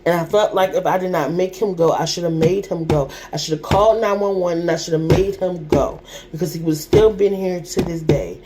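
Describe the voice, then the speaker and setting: Lower-voiced woman telling an emotional story. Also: brisk, hardly any pauses, background noise. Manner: emotional, repetitive, colloquial and direct to viewers. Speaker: vlogger.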